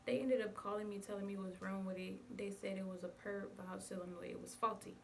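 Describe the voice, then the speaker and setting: A woman's voice: medium pitch, fairly even intonation, a little fast, vocal fry. A young woman chatting casually to her viewers, telling a story and calling them y'all. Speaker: vlogger. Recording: distant mic with faint background noise.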